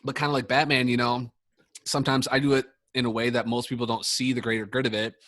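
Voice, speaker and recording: Fast-talking man rambling through a story. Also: mid-range voice, little pitch movement, fairly bright tone, no room sound, clean studio sound. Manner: rambling, profane, many fillers and restarts. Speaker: podcast speaker, sports coach. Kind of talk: casual podcast storytelling.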